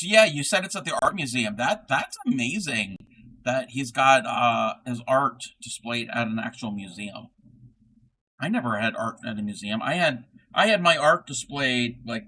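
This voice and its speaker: A man's voice: medium pitch, sharp tone, rough recording. A man chatting casually on a livestream while crocheting, reading chat aloud and laughing often. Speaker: streamer crocheting live.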